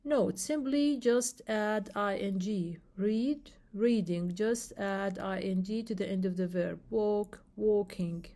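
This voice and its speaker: A woman slowly explains English grammar rules, spelling word endings letter by letter and repeating key phrases, with some non-native phrasing. Her voice is medium in pitch with a darkish tone.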